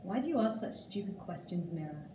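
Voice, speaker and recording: A woman reading aloud, voicing a sharp, superstitious middle-aged mother who talks bluntly and scolds. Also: fairly low pitch, animated, a little fast, background noise, natural voice. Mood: blunt, scolding. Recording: roomy, distant live reading.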